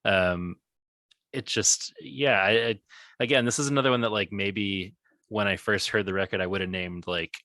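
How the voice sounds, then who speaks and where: A man's voice: fairly low pitch, steady tone, normal speed, sharp tone, no echo. A man co-hosting a podcast, talking earnestly and reflectively about a song that moves him. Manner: earnest, reflective, emotionally moved. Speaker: podcast co-host. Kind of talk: casual music discussion.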